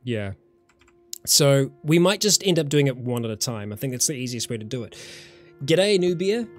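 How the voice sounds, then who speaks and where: A man's voice: medium pitch, brisk, no echo, faint music behind. A man from New Zealand with a New Zealand accent, casually commenting on a survival game during a live stream and chatting with viewers.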